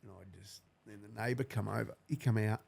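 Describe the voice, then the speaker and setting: A man's voice: on the low side, fairly even intonation, a little fast, vocal fry, a little mellow, slightly rough. A man in his forties from New Zealand, a podcast guest telling a painful personal story bluntly and with heavy swearing. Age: 40s. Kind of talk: emotional personal account.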